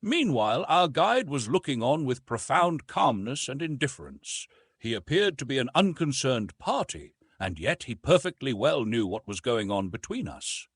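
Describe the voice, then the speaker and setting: A man narrating a classic novel as an audiobook, with expressive, measured storytelling. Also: mid-range voice, husky, dry recording.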